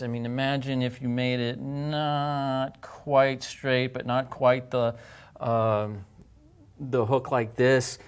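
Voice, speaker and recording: Patient man teaching letter shapes. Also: medium pitch. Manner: patient, step-by-step, demonstrates sounds. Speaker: language teacher. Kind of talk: explaining pronunciation and handwriting.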